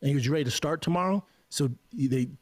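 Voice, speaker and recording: A man's voice: on the high side, fast. A man telling a casual, profane anecdote on a podcast, acting out the other voices in it. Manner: animated anecdote, acts out quotes, profane. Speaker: podcast guest telling a story. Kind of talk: casual storytelling.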